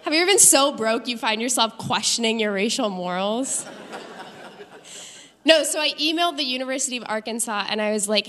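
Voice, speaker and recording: A woman's voice: fairly high pitch, fairly quick, a little hiss or hum. Young woman comic on a reverberant stage. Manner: deadpan punchlines, animated delivery. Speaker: stand-up comedian. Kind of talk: stand-up comedy set. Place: theater stage with live audience.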